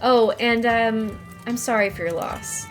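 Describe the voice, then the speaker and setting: A woman voicing a shy, nervous young diner server in a game, speaking softly and hesitantly. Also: on the high side, measured pace, soft background music, close to an everyday voice.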